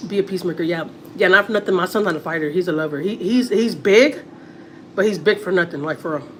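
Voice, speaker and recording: A woman's voice: on the low side, fast. Woman, Texas accent, middle-aged, casual livestream chat, rambling and repetitive, faint background noise. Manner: chatty, repeats words, many fillers. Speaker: vlogger on a family livestream.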